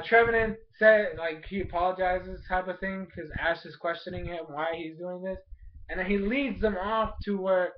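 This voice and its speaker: A man recapping a cartoon episode in an excited, casual way, full of "like" and mild cursing. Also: sits high, dull audio, slight background noise. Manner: animated, fills speech with "like", mild cursing. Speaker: episode reviewer.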